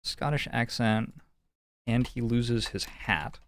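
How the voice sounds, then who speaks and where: A man's voice: medium pitch, fairly even intonation, slow pace. A man streaming a detective game, thinking aloud in a playful, joking way as he comments on what he finds. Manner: playful, jokey musing aloud. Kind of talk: casual gameplay commentary.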